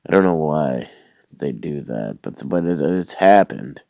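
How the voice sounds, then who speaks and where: Sick man with a very low voice, sardonic rambling rant, trips over his words. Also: animated, measured pace, creaky, warm tone, no echo. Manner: rambling, repeats and restarts words, sardonic complaining. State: sick with a cold or flu. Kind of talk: casual rambling rant to camera.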